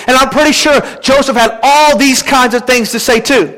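A man with a high voice preaches a sermon. He retells a Bible story in easy, everyday speech and slips into the characters' voices as he goes. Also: brisk, fairly bright tone, long reverb tail, poor audio. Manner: conversational storytelling, acts out biblical characters in quotes.

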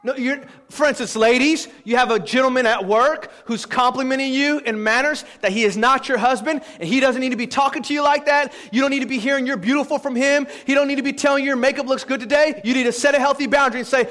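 A man's voice: extremely high pitch, fairly even intonation, quick pace, few pauses, fairly bright tone. A male pastor preaching a sermon, emphatic and repetitive, acting out the lines he quotes. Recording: long hall reverb.

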